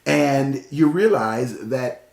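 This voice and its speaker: A man's voice: mid-range voice, animated, extremely slow, vocal fry, a little mellow, echoey room. A man from Northeast Ohio with a slight Texas drawl, giving an emphatic motivational talk and often repeating words. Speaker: speaker.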